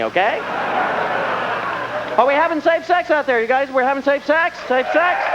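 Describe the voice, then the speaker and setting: A man with a Southern accent performs stand-up, his delivery wry and punchy and broken up with acted asides. His voice is high and swings up and down. It comes off a dull old VHS tape, with a large live audience and steady noise behind him. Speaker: stand-up comedian. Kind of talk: stand-up comedy. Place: large music hall stage. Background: live audience laughter.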